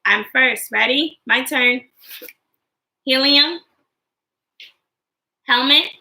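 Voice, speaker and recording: A woman teacher leads young children through a lesson in a sing-song, encouraging voice. She talks slowly, her voice high and bright, with a gravelly edge. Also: rough recording. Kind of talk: classroom lesson livestream.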